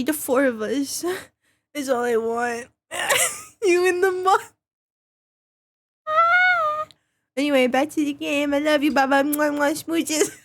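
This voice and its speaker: Giggly high-pitched woman streamer. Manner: giggly, excitable, laughs often. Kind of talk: casual live-stream chat.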